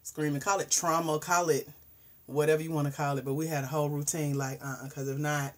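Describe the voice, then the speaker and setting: A woman, hosting a casual livestream chat, animated and talkative, dropping into hushed asides and rising into loud exclamations. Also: low voice, brisk. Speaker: host.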